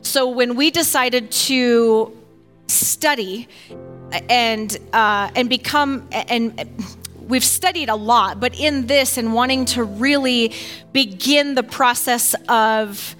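A woman giving an animated, emphatic talk on faith, often acting out what other people say. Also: a little high, slow, soft background music. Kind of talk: casual teaching talk on faith.

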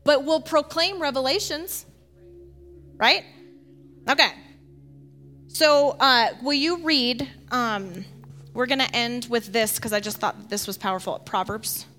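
A woman teaching a congregation in a lively, conversational sermon style, with laughing asides. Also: high-pitched, unhurried, long pauses, soft background music.

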